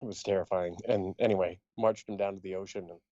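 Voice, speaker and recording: A man's voice: low-pitched, steady tone, fast, mellow, no room sound. A man tells a story in loose, rambling podcast chat, with restarts and laughter along the way. The sound is dry and a little dull, with no room around it. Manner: rambling anecdote, laughing often. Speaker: podcast co-host.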